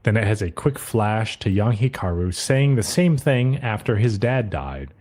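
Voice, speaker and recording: A man co-hosting a podcast, casually recapping an anime episode and retelling scenes with quick quoted asides. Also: lowish voice, expressive, darkish tone. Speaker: podcast co-host.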